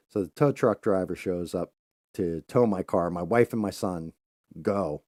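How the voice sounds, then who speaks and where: A middle-aged man hosting a talk show, telling a story casually, swearing freely and acting out his own loud outbursts. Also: sits low, a little slow, dry recording, clean studio sound. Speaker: podcast host.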